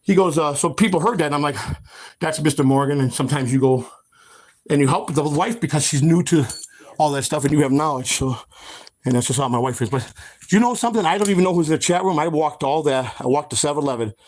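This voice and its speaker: A man's voice: fairly high pitch, quick pace. A man hosting a live stream while walking outdoors, blunt and heated, repeating his points. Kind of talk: walk-and-talk live stream. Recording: street traffic noise behind.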